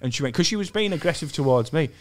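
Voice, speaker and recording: A man's voice: a little high, animated, very fast. A young man, a comedian, telling a sweary story in a casual chat, with frequent restarts. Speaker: comedian guest. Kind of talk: casual anecdote.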